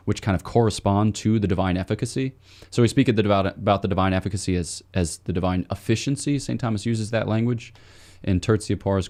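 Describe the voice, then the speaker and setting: A man, a priest guest on a podcast, explaining theology in a measured, scholarly way with occasional fillers. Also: on the low side, a little mellow.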